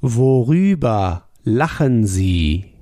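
A man, a native German speaker, teaching a language lesson with patient drills and sample sentences spoken slowly. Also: mid-range voice, sing-song, mellow, no echo, clean studio sound.

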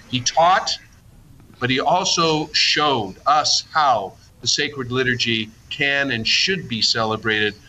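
Middle-aged man, archbishop guest; bright, reflective radio talk with faint background noise. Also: mid-range voice, rough recording. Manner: reflective, halting with restarts. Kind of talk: conversational radio interview.

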